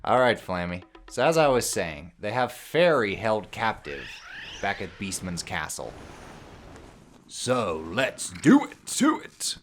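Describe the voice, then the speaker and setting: A woman's voice: rumbling low, sing-song, slow, soft background music. A woman co-hosting a let's play, making dry, wisecracking remarks as she plays. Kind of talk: casual gameplay commentary. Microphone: own desk microphone.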